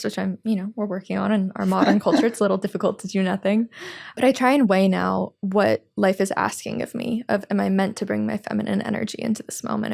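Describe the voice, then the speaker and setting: A young woman speaking as a podcast guest in casual chat, reflective and measured. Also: medium pitch, gravelly, darkish tone.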